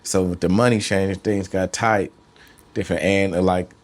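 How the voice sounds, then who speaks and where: A man's voice: deep voice, steady tone, normal speed. A man, a musician guest, talking about his career in casual, slangy interview chat, often trailing off and restarting. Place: studio.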